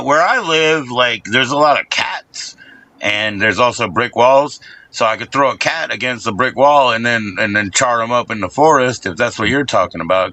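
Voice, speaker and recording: A man's voice: fairly low pitch, bright, forceful tone. A middle-aged man streaming live, rambling in casual chat, crude and joking, teasing his chat in a sing-song voice.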